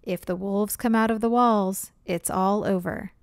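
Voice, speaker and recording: A woman's voice: mid-range voice, fairly even intonation, measured pace, no echo, natural voice. Dismissive dad, matter-of-fact, dry close sound, woman reading. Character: distracted, dismissive father.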